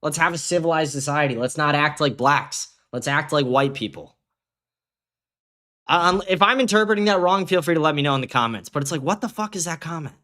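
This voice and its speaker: A man's voice: on the high side, expressive, fairly quick, sharp tone. A young man hosting a livestream show, reading viewer comments aloud and answering them in a heated, profane rant. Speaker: host.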